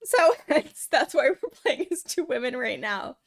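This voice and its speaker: A young woman streamer chatting casually over gameplay, with a high, girly, valley-girl way of talking and a lot of giggling. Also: very animated, measured pace.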